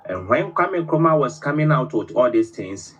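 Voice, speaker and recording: A man's voice: mid-range voice, sing-song, moderate pace, breathy edge, soft background music, low-quality recording. A man from Ghana, calling in with a fervent, speech-like plea. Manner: fervent, builds to oratory. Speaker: caller. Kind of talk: impassioned call-in speech.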